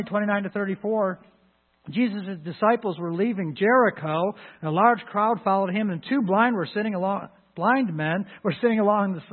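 Male pastor, higher voice, preaching with emphatic bursts; thin phone-like recording. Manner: emphatic preaching with many restarts and sudden loud rises. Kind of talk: sermon. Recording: phone-like lo-fi line.

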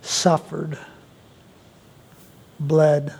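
A male pastor preaching a sermon, with deliberate pauses and an emphatic delivery. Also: on the high side, monotone, vocal fry, a little mellow, breathy edge. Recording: long hall reverb.

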